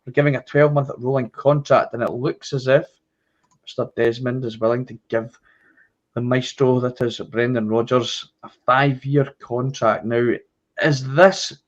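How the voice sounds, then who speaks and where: A Scottish man hosts a football podcast with a cheeky, playful manner. His voice sits at a middling pitch. The recording sounds a little dull and lo-fi. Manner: cheeky, jokey delivery. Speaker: podcast host. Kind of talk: casual podcast chat with ad reads.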